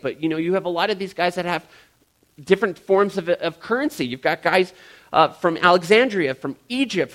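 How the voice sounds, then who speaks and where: A male pastor delivers a sermon in a relaxed, humorous, conversational style. His voice sits a little high for a man, and he keeps speaking directly to his listeners as guys.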